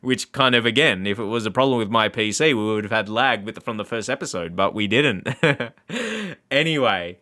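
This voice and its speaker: A man talks through his game in loose, rambling commentary, laughing often between thoughts. His voice has a bright, forward edge that stays even in tone. He speaks directly to his viewers like a regular channel host. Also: lowish voice, normal speed. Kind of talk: casual gameplay commentary.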